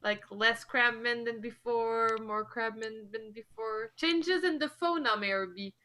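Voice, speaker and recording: Bright, high-voiced woman playing a wizard. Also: slow pace. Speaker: player. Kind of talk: in-character tabletop role-play.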